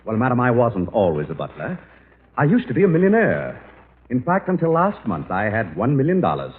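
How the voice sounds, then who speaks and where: A man's voice: medium pitch, wildly swooping pitch, a little fast. An actor playing a suave, dryly insulting male butler in 1940s radio comedy, heard in an old tinny broadcast with hiss. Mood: droll. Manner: smooth, dry and droll. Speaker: guest star.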